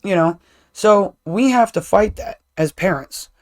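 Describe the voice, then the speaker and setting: A man's voice: high voice, a little slow. A man co-hosting a podcast, chatting casually and rambling with restarts and casual swearing, talking as a parent. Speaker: podcast co-host. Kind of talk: casual chat.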